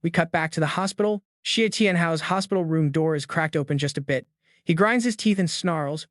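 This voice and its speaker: A man's voice: on the high side, normal speed, no echo, studio quality. A man narrating a comic recap with punchy, emphatic storytelling.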